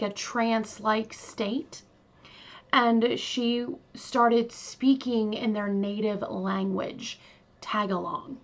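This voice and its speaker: A woman with a slightly raised voice tells a true crime story at an unhurried, drawn-out pace. She chats with her listeners as she goes and fills the story with asides and fillers. The recording sounds a little dull and lo-fi. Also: a little high. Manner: chatty, many fillers, talks to listeners directly. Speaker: true crime podcast host. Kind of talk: casual storytelling.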